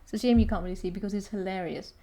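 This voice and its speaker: A woman's voice: medium pitch, racing, dark tone. A woman giving a casual, chatty tarot reading to viewers, teasing and laughing as she talks, often restarting her sentences. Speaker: tarot reader.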